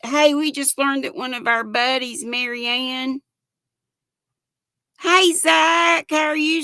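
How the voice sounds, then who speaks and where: An older woman with a bright, gravelly voice that sits on the low side hosts a livestream, chatting slowly and warmly while she shows off yarn. She reads viewer comments aloud and greets people affectionately, and the recording is dry and close.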